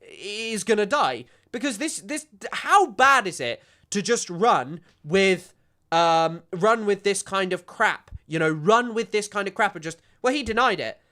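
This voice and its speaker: Fired-up cohost ranting, stammery, bright, all over the place pitchwise. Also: expressive, unhurried. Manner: outraged, stammering, laughs often. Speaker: co-host. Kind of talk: casual reaction commentary.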